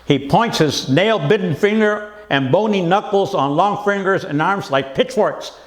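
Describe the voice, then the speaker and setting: A man performing a dramatic spoken-word monologue in streetwise slang, moving quickly between voices. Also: sits high, reverberant. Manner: streetwise slang, swift shifts of voice.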